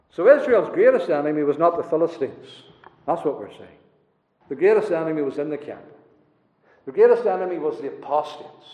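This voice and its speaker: Fiery preacher in an echoing hall. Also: male voice, expressive, fairly quick. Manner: swings from loud rising declarations to hushed low asides. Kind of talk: sermon. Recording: roomy hall echo, dull lo-fi sound.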